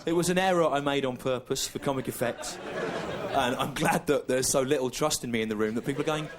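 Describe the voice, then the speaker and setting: Deadpan man doing ironic stand-up. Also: medium pitch, a crowd in the background. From England. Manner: deadpan, ironic, halting self-corrections. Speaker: stand-up comedian. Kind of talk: live stand-up routine. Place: live comedy venue. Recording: noisy live stand-up recording.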